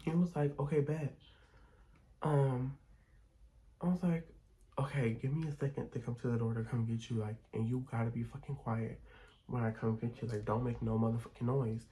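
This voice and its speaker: A man's voice: mid-range voice, little pitch movement, moderate pace, dark tone, rough recording. A young man chatting casually and expressively as he tells a storytime while doing his makeup, with frank, profanity-laced gossip. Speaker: vlogger.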